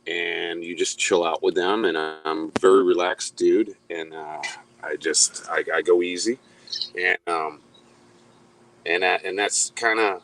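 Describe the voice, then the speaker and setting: A laid-back man with a very low voice, chatting as a guest on a live stream. He rambles easily and stumbles into restarts, taking his time to find the words. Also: fairly even intonation, a little slow, a bit bright, poor audio. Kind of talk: casual live-stream chat.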